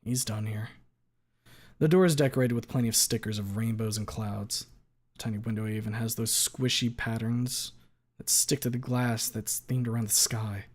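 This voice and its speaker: A man streaming a visual novel, reading the narration aloud as a low, muttered inner monologue with some swearing. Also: steady tone, normal speed.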